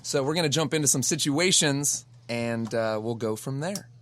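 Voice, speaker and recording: A man co-hosting a podcast, introducing a guest with warm praise in casual chat. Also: medium pitch, moderate pace, a little hiss or hum. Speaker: podcast co-host.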